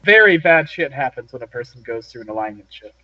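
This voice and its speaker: A man's voice: mid-range voice, big pitch swings, fast, sharp tone, dry recording. A man narrating a tabletop game as game master, explaining rules and story with lots of fillers. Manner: rambling, explanatory, many fillers. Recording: dull lo-fi dry sound.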